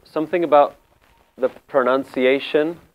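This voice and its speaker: A man teaching Sikh scripture, explaining word meanings calmly and deliberately, repeating key phrases. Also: mid-range voice, muffled recording. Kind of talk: slow spiritual explanation.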